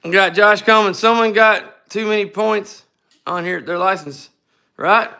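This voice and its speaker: A man's voice: high voice, fairly even intonation, moderate pace, gravelly, bright, forceful tone, smooth. A man co-hosting a scooter garage live stream, chatting in a loose, joking, rambling way. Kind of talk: casual live-stream chat.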